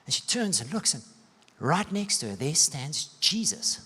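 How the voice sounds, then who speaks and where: A male pastor delivering a sermon in a church hall, his slightly high voice carried by a long reverb. He tells stories with dramatic lifts in pitch and volume, then drops to hushed tones. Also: big pitch swings, a little slow, breathy edge. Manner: storytelling preacher with sweeping rises and soft dips.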